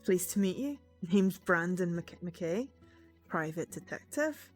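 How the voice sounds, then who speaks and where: A woman puts on a Scottish accent for a self-assured male detective in his thirties. He boasts with a lively, swinging pitch. Faint game music sits behind. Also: measured pace. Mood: cocky. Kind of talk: visual novel voice reading.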